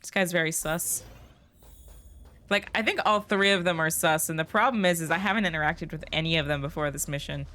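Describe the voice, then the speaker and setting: A woman's voice: sits low, a little fast. Woman streamer chatting over game. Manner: chatty, reacts aloud, sometimes quiet asides. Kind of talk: casual game commentary.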